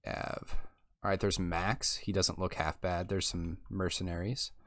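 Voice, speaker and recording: A man's voice: low-pitched, flat delivery, a little slow, a bit bright, dry recording, clean studio sound. A young man giving casual, chatty gameplay commentary and thinking aloud as he plays. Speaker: let's play host.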